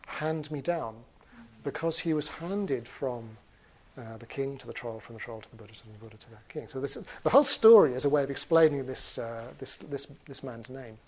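A man who is a Buddhist teacher, telling a story in a dharma talk in a relaxed way with many pauses and fillers. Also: mid-range voice.

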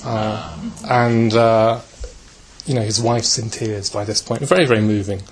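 Unhurried and gentle, a man shares a story in a reflective spiritual talk, full of fillers and a recurring "yeah?", shifting pitch to play the people in it. He keeps a measured pace and fairly even intonation.

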